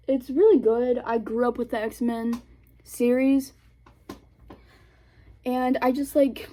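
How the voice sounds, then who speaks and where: A woman's voice: a little high, dark tone. A young woman vlogger chatting casually about films, rambling with lots of fillers and giggles. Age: young adult. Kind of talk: casual chat.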